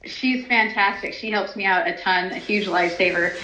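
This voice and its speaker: This horse trainer and stallion owner chats through a casual interview, laughing often and full of ums and restarts. Her mid-range voice moves at a normal speed with a sharp tone. The recording sounds roomy and slightly dull, with a little background noise.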